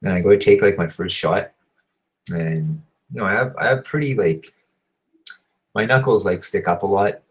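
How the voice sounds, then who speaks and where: A man telling a crude, rambling story, swearing constantly and filling every pause. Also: sits low, slightly rough, rough recording. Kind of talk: profane storytelling monologue.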